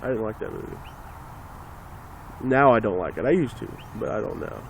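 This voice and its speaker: A man's voice: lowish voice, very animated, moderate pace, vocal fry, a little hiss or hum. A man ranting casually and sarcastically into a phone, rambling and swearing as he talks. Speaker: vlogger.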